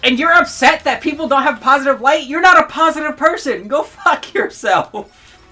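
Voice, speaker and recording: Bright-voiced, profane young woman ranting. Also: high voice, fast, soft background music. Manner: profane, heated, laughs while ranting. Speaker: streamer. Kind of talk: ranting livestream commentary.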